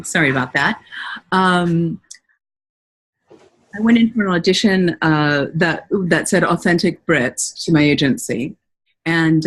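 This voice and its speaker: A woman's voice: low voice, rough recording. An American woman hosting a casual webinar Q&A as a voiceover coach, chatty and laughing easily as she tells stories. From United States.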